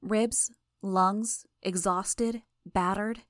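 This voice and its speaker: A woman voicing a sly young female villain who talks quickly and teasingly in a dry recording. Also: medium pitch, fairly even intonation, no echo. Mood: pressing.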